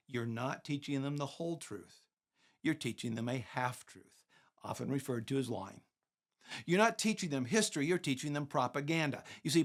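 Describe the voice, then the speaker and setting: A man's voice: on the high side, a bit bright. Emphatic man hosting a podcast. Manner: emphatic, rhetorical questions to listener. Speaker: podcast host. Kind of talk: scripted podcast commentary.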